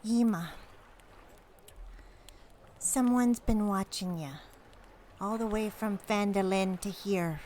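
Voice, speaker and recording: A woman's voice: medium pitch, slow, long pauses, dark tone, a little hiss or hum, close to an everyday voice. A woman voicing a sly, teasing woman who drawls her words.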